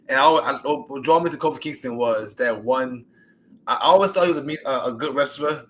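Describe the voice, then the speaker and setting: A young man, an indie wrestler, talking excitedly and rambling about his favorite matches in a casual interview. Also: mid-range voice, slight background noise. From US Gulf Coast. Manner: animated, rambling, excited storytelling.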